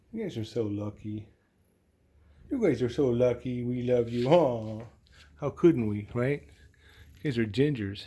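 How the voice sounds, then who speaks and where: A man filming a home vlog, talking softly and fondly to his cats in baby talk, sometimes whispering, in his living room. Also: medium pitch, husky. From US Pacific Northwest. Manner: soft baby talk to pets, drops to whispers. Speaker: cat channel host.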